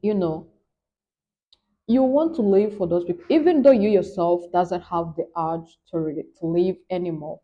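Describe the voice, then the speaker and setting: A young Nigerian woman with a Nigerian accent speaks in a lowish voice at a normal pace, the recording's high frequencies cut off. She's a vlogger talking candidly in a personal vlog, earnest and emphatic, repeatedly saying "trust me."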